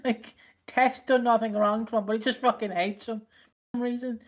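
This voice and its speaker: A man's voice: very high voice, fairly even intonation, moderate pace, fairly bright tone. A man co-hosting a casual podcast chat, telling stories with lots of laughter and swearing. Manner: laughing, profane storyteller. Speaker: podcast co-host. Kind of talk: casual chat reviewing wrestling.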